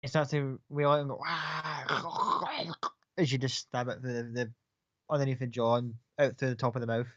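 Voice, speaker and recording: A man's voice: medium pitch, level tone, quick pace, no room sound. A man running a tabletop game as game master, narrating casually with fillers and the odd swear word. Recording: dull lo-fi, dry.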